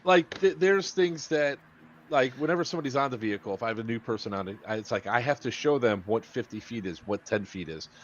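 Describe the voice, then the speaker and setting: A man's voice: mid-range voice, quick pace, a little hiss or hum. A man hosting a podcast in casual group chat, telling rambling stories with plenty of swearing and laughter. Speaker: podcast host. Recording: muffled lo-fi podcast audio.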